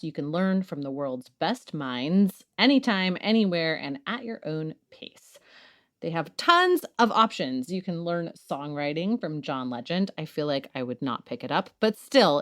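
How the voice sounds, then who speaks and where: A woman's voice: low voice, very animated, a little slow. A woman podcast co-host doing a casual, joking host-read ad and laughing often.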